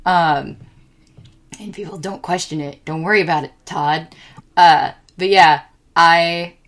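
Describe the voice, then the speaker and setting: A woman co-hosting a podcast in casual chat, rambling and excitable, with many fillers and restarts. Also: fairly low pitch, unhurried. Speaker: podcast co-host.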